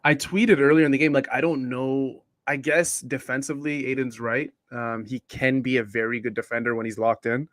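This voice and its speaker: A chatty man hosting a sports talk stream, reading out comments and laughing between points. His voice sits at a mid pitch and sounds dry and close, with no room around it. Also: steady tone, moderate pace, few pauses, fairly bright tone, no room sound. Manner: chatty, reads viewer comments, laughs often. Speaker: podcast host. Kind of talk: casual sports talk show.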